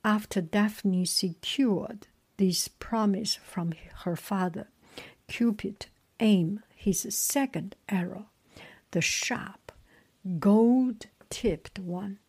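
A woman in whispered storytelling, softly reading a myth and adding her own asides. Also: medium pitch, extremely slow, husky.

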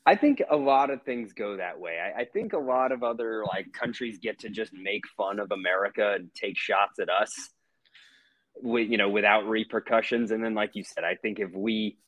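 A man's voice: fairly low pitch, moderate pace, a bit bright, dry recording, rough recording. A man co-hosting a podcast in casual chat, easygoing and a little rambling. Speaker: podcast co-host.

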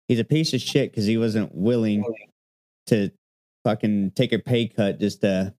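A man's voice: on the low side, unhurried, darkish tone. A man co-hosting a podcast in casual chat, ranting with lots of swearing. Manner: profane, ranting. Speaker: podcast co-host.

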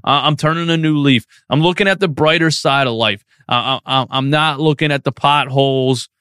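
Animated ranting male sports host. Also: on the high side, moderate pace, clean tone, no echo, clean studio sound. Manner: animated, ranting, reads chat questions. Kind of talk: live-stream post-game talk.

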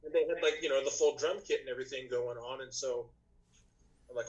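A man chatting as a podcast guest, telling a long story in a loose, rambling way. He restarts sentences often and leans on fillers. His voice is a little rough today. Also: medium pitch, quick pace, lo-fi sound. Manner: rambling, many restarts and "you know". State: slightly rough voice, clearing throat. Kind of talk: casual storytelling chat.

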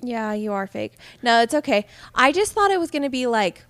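A woman's voice: fairly high pitch, very animated, fairly quick, fairly bright tone, no room sound. A young woman from Utah co-hosting a podcast, chatting casually and rambling with lots of "like" fillers. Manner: rambling, heavy use of "like" fillers. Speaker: podcast co-host. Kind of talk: casual chat.

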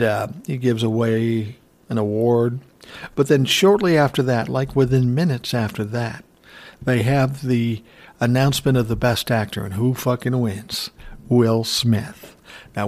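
A man casually retelling an event in unhurried, profane commentary, chuckling now and then. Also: medium pitch, a little mellow.

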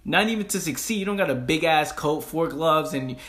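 A man talks on his podcast in a slangy, animated, motivational way. His voice sits a little higher than most men's, and he laughs easily between points. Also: a little fast. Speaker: podcast host.

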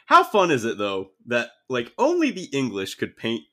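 A man's voice: mid-range voice, huge pitch swings, normal speed, fairly bright tone. A married man co-hosting a podcast, riffing with jokes and pop-culture references in casual chat. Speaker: podcast co-host.

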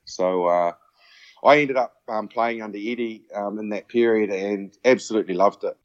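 Low-voiced man telling a story. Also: moderate pace, no echo. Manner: animated storyteller acting out dialogue. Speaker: former rugby player guest. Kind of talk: casual anecdote.

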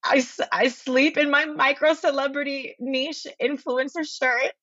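A woman as a podcast guest, telling a long story in a rambling, excitable way with lots of swearing and restarts, over a remote call. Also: sits high, a little slow, no echo, lo-fi sound. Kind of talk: casual storytelling chat.

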